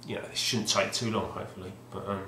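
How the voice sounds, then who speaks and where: His pitch is fairly low, though also called mid-range, with little movement, and he speaks quickly with vocal fry in a pushed, bright voice. This hesitant, wry video game collector vlogger restarts often in a rambling, casual monologue. A little hiss or hum runs through the roomy, echoey home recording.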